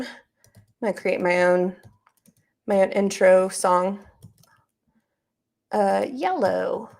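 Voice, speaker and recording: A woman hosts a live reaction stream, chatting casually and reading viewers' messages aloud. Her voice sits at a middle pitch but runs low on energy, with a light rasp near vocal fry. She talks loosely and gets sidetracked easily. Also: slow pace, pauses often, darkish tone. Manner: chatty and easily distracted, reads chat aloud.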